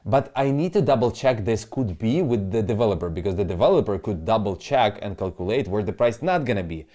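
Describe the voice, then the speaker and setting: A man's voice: on the low side, expressive, a little fast, hardly any pauses, warm tone. A man talking casually through crypto charts as a trading analyst, rambling and muttering to himself in non-native English, with the odd swear.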